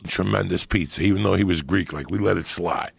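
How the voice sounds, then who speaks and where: Gravelly profane man telling stories. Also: low voice, brisk, no room sound. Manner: profane, animated storytelling. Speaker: podcast guest storyteller. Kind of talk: casual chat, storytelling.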